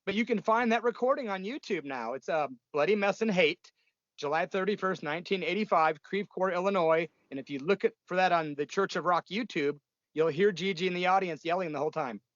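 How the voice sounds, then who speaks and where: Blunt, profane older rocker. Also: male voice, high-pitched, fairly quick, a bit bright, dry recording, lo-fi sound. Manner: blunt, profane, rambling with many fillers. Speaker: punk musician guest. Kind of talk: casual interview storytelling.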